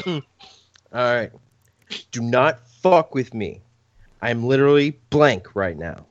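A man's voice: medium pitch, animated, slow. A man reading cards through his own laughter during a casual game-night podcast. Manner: drawling, laughing through lines. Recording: dry muffled podcast audio.

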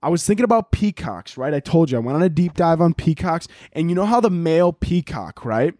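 A man's voice: expressive, a little fast, dry recording. Profane, rambling young man, dry close mic. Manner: profane, rambling, swears constantly; acts out quotes in loud high-pitched bursts. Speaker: podcast host. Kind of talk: casual solo podcast rant.

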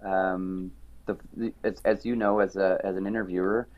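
A middle-aged man, a singer being interviewed, telling stories in a lively way and acting out other people's lines. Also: deep voice, moderate pace, phone-quality sound. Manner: lively, acts out quoted voices, frequent restarts. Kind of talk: animated storytelling interview chat.

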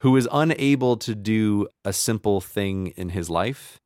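A man with a low voice chats casually about a book on a podcast. He sounds enthusiastic and loose, leaning on fillers and restarts. The recording is dry and close. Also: measured pace, a little mellow, smooth, no room sound. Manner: enthusiastic, filler-heavy, teasing. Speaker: podcast co-host.

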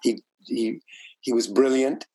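A man as a podcast guest, telling stories in a lively way. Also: medium pitch, slow pace. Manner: animated, voices people when quoting them. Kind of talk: podcast interview storytelling.

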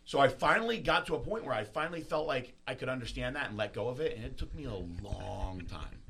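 Bright-voiced man, earnest podcast host. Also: medium pitch, lively intonation, gravelly, slightly rough. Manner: earnest, halting, openly emotional, swears casually. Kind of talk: candid podcast chat.

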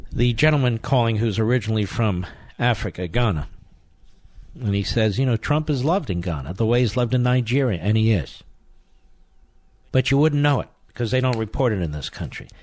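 An emphatic male talk radio host at an ordinary pitch, speaking into a close, dry studio mic. He hammers his points home and repeats key phrases for weight, whether he is taking calls or reading a sponsor spot. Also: animated, fairly quick, a little mellow, no echo.

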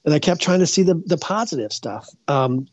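A psychic being interviewed rambles casually through stories in a medium-pitched, animated, brisk and slightly mellow voice, often restarting and correcting herself or himself and acting out what other people said. The recording is dry, dull and lo-fi.

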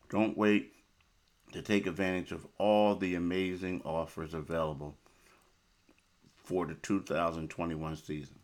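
Deep-voiced animated podcast host man. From Philadelphia. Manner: animated, repetitive, emphatic asides. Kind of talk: casual talk with ad reads.

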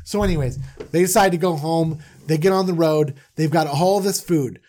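Male podcast host, comedic casual storytelling, animated and slangy, slightly high voice. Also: moderate pace.

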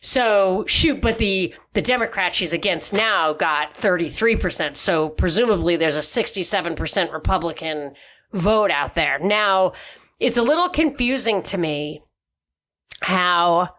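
A woman's voice: fairly low pitch, lively intonation, unhurried, a bit bright. A woman co-hosting a casual political podcast, opinionated and thinking aloud as she goes. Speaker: podcast co-host.

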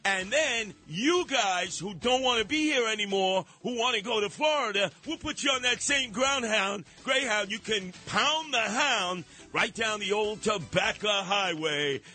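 A man's voice: high voice, unhurried, hardly any pauses, sharp tone. A man hosting a talk radio show, ranting in a brash, sarcastic way and mocking people with put-on voices. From New York. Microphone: studio microphone.

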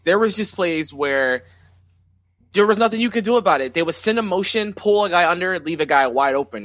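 A man co-hosting a casual sports talk show, analysing a game in a measured way. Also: a little high, bright, forceful tone, no room sound.

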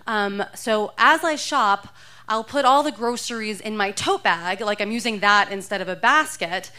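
Woman, 30s, live stage storyteller; wry, self-deprecating, laughs through her lines, mid-pitched voice. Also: expressive, normal speed, sharp tone. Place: theater stage before a live audience.

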